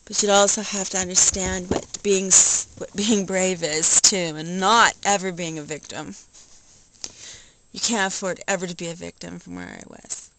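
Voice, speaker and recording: An older woman talking casually in a rambling, nostalgic way, laughing softly now and then. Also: lowish voice, fairly even intonation, moderate pace, creaky, a little hiss or hum, poor audio. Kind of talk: casual home video vlog.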